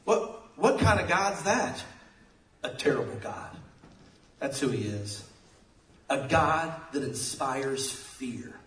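A man preaching a sermon, telling jokey stories with sudden loud outbursts. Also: medium pitch, expressive, slow, pauses often, a little hiss or hum. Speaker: pastor. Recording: echoey room, mic at a distance.

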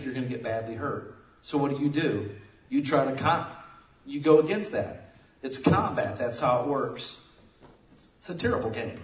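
A man preaching a sermon, telling jokey stories with sudden loud outbursts. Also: mid-range voice. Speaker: pastor. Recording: echoey room, mic at a distance.

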